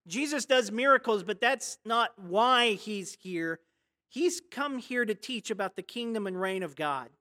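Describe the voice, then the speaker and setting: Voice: medium pitch, lively intonation, measured pace. Storytelling preacher with dramatic swings. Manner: conversational storytelling with rhetorical questions; big swings between hushed and loud. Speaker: pastor. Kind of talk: sermon.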